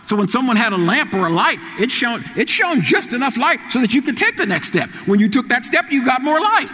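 A male preacher delivering a sermon, moving between quiet storytelling and loud, rising exhortation. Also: extremely high pitch, very animated, a little fast, hardly any pauses, in a large hall.

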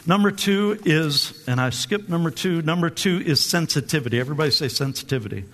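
A pastor delivers a lively sermon in a high, bright voice that rings through a big, reverberant church sanctuary. He talks briskly and pushes on with energy, keeping the congregation answering back. He often repeats words and restarts.

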